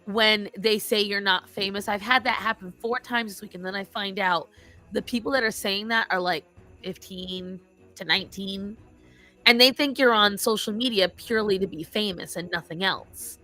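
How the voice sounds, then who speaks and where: Speaking at normal speed in a mid-range voice, she hosts a live stream where she casually spins stories and offers her chat blunt, strongly opinionated advice. Faint music runs underneath her animated delivery.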